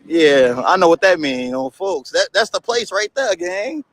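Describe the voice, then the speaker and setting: A man's voice: high-pitched, very animated, unhurried, vocal fry, fairly bright tone, poor audio. A man vlogging as he walks around a street outdoors, chatting casually with passers-by and swearing now and then. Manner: laid-back, swears, chats with passers-by. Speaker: travel vlogger.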